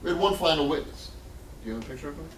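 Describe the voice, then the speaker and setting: A man with a slightly high, very lively voice tells his story to a lecture audience. He is emphatic and acts out the quotes. He is picked up from a distance in a roomy hall with faint background noise. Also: very fast. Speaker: exonerated speaker at a college lecture. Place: lecture room.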